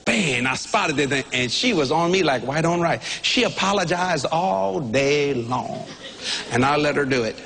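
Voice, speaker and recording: A man preaching a sermon, telling a comic story in a folksy, animated way, often shouting and laughing. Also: on the high side, measured pace, noisy background. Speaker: pastor.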